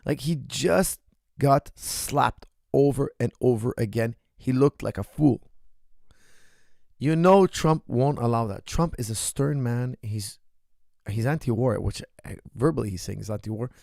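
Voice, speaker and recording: A man's voice: mid-range voice, measured pace, creaky, a little mellow, dry recording, studio quality. A middle-aged man, a martial arts coach, answering viewer questions on a livestream in an emphatic way that keeps checking in with "right?" and "okay?".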